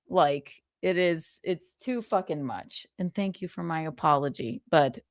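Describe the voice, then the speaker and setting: A woman hosts a casual gossip livestream at an unhurried, drawn-out pace. She talks sarcastically and rambles, with frequent swearing. The sound is dry and close, with little room echo. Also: fairly low pitch.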